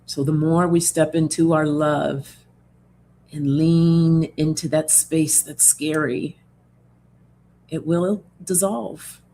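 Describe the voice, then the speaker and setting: A woman's voice: low-pitched, fairly even intonation, takes it slowly, dark tone, slight background noise. A woman hosting an oracle card reading livestream in casual chat, reading out viewer comments, reassuring and laughing often. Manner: chatty and reassuring, laughs often, many fillers.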